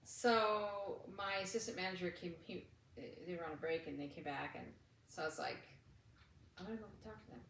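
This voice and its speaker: A woman's voice: fairly low pitch, normal speed, vocal fry, a bit bright, far from the mic, a little hiss or hum. Chatty woman in an echoey room. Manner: chatty storytelling with frequent laughs. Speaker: podcast co-host. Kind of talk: casual chat.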